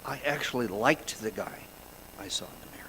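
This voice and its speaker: A man in his forties giving an earnest personal reflection at a church service, with slow dramatic pauses. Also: medium pitch, sharp tone, slight background noise, rough recording. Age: 40s. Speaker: congregation member sharing a reflection.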